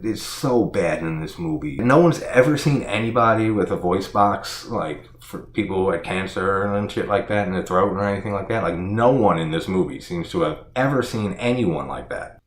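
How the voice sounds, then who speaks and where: Low-voiced man in an exasperated review rant. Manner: exasperated, profane, laughs often, filler "like" throughout. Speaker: horror film reviewer. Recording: echoey room.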